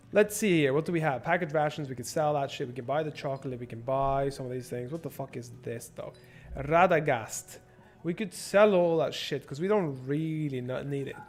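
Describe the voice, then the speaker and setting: A young man streaming a strategy game, swearing and thinking out loud as he plans and shops. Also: mid-range voice. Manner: profane, rambling, thinks out loud. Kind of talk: casual gameplay livestream commentary.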